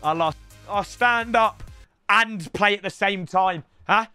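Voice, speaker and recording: A young man giving live commentary on his gameplay, excitable and often shouting and ranting at the game. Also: high-pitched, slow pace, smooth, soft background music. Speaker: gaming YouTuber.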